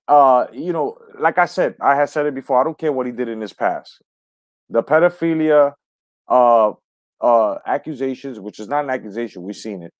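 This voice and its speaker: A man's voice: medium pitch, a little mellow, no room sound. A man hosting a live stream from the United States, ranting with heavy profanity and greeting viewers in the chat. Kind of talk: heated live stream commentary.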